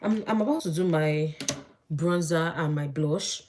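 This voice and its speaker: A young woman chatting as she does her makeup, gossiping in an animated way. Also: low-pitched, a little slow, slight background noise. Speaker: vlogger. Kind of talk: casual chat while doing makeup.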